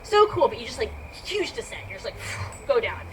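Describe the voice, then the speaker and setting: A woman's voice: on the high side, sing-song, fairly quick, a bit bright. A woman telling a personal story to a live audience in a chatty, filler-heavy way. She laughs often and acts out her own reactions. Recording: distant mic with background noise.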